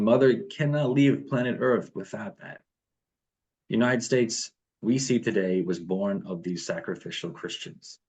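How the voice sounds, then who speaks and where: A man's voice: lowish voice, a little mellow. Man preaching casually at a morning devotion. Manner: conversational, reads passages aloud then comments with fillers and restarts. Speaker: pastor leading devotion. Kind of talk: casual sermon over video call. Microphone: video call.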